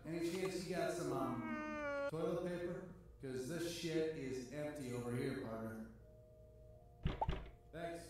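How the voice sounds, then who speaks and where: A man's voice: fairly high pitch, unhurried, long pauses, lightly acted. A man voicing a folksy fellow stuck without toilet paper, calling the listener buddy and partner. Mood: pleading. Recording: distant, echoey and noisy game audio.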